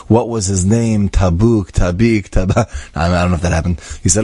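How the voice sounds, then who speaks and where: A man telling an inspirational story in a chatty, animated way, acting out the dialogue with frequent asides and fillers. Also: lowish voice, brisk, slightly rough, no echo.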